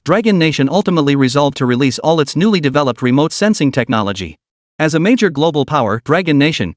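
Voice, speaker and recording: A man narrating a story recap in an even, steady reading style. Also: fairly high pitch, dry recording, studio quality.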